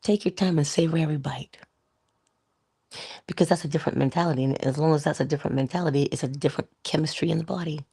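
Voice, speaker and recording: A woman's voice: sits low, steady tone, fast, creaky, warm tone, husky. A woman giving an inspirational talk in a conversational way, often asking rhetorical questions. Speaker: motivational speaker.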